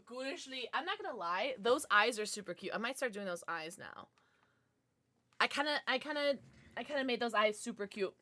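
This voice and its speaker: A woman livestreamer chatting casually with her viewers, playful and jokey, thanking them warmly and cooing in baby talk to her dogs. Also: mid-range voice, no room sound. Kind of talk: casual chat with stream viewers.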